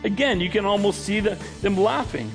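A man's voice: sits high, brisk, gravelly, faint music behind. A male pastor preaching a sermon, emphatic and dramatic as he retells a scene.

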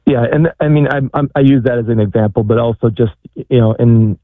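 A man calling in, speaking hesitantly with frequent halting restarts. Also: mid-range voice, no echo. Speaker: caller. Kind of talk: casual call-in question. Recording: tinny phone line.

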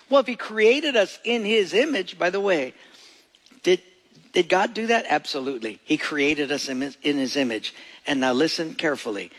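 A man's voice: a little high, a bit bright. A male pastor preaching a sermon in a church, telling folksy stories with jokes. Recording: echoey hall.

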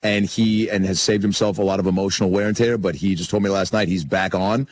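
A man's voice: low voice, steady tone, fast talker, slight background noise. A man co-hosting a sports radio show, telling rambling, self-deprecating stories. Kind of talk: casual sports talk.

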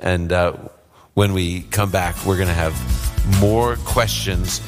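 Deep-voiced man explaining scripture. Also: slow pace, big-room sound, loud music behind the voice. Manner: relaxed, conversational explaining with fillers. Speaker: radio host answering Bible questions. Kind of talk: live call-in radio Q&A. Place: live audience event.

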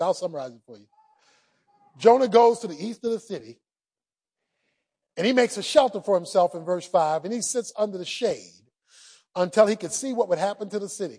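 A male preacher giving a humorous, emphatic sermon in folksy colloquial speech, shouting for emphasis. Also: high-pitched, slightly rough.

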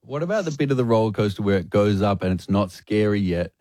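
A man's voice: on the low side, animated, fast, dark tone, dry recording. Man, radio host, playful, laughs a lot, dry studio sound. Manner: laughs often, teasing. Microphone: studio microphone.

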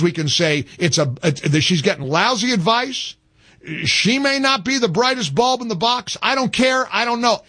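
A man's voice: sits high, a bit bright. A man hosting a talk radio show, ranting emphatically and reading an ad himself. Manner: fired-up, emphatic, repetitive. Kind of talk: talk radio rant and host-read ad.

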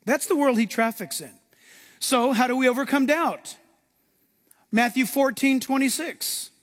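A man preaching a sermon as pastor, animated, acting out quoted voices. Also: extremely high pitch, a little slow, in a large hall.

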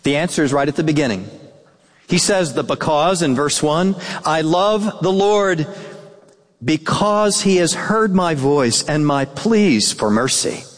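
A man preaching a sermon in an earnest way, dropping to soft, hushed tones when he quotes. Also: on the high side, a little slow, in a large hall. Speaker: pastor.

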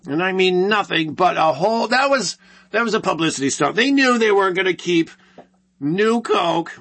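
Male host, husky and bright, rambling sarcastic monologue. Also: high-pitched, expressive, fairly quick. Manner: rambling, sarcastic, full of rhetorical questions. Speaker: show host. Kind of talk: opinionated commentary monologue.

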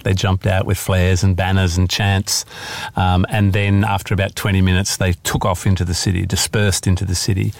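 A man with a low voice reads his own novel in measured narration, then talks about it. In conversation he hesitates often with ums. The recording is dry and close. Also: vocal fry, no echo. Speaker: author reading his book. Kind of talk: reading aloud then interview answers.

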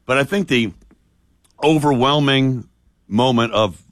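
A male co-host in casual studio chat, animated and telling stories. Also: medium pitch, slow, dry recording. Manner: animated, storytelling, drops into quoted voices. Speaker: morning show co-host.

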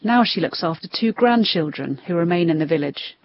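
A woman's voice: lowish voice, lively intonation, brisk, lo-fi sound, a little hiss or hum. A woman reporter narrating a documentary on location, descriptive and awed, slightly out of breath. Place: outdoors in a mountain village.

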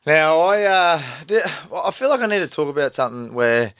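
Animated high-voiced radio co-host. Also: male voice, a little fast, clean tone, dry recording, clean studio sound. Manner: animated, rambling storyteller. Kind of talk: casual radio chat.

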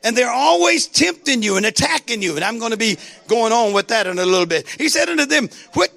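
Male pastor, very high gravelly voice, call-and-response sermon style. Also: animated, fast talker. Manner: call-and-response, shouted exclamations to the congregation.

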